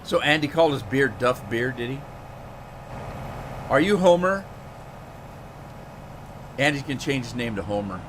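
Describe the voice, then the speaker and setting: A man's voice: mid-range voice, animated, unhurried, long pauses. Rambling male game streamer, noisy mic. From Pacific Northwest of the United States. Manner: rambling, talks to chat viewers by name, many fillers. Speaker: gaming live streamer. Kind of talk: casual live stream chat over gameplay.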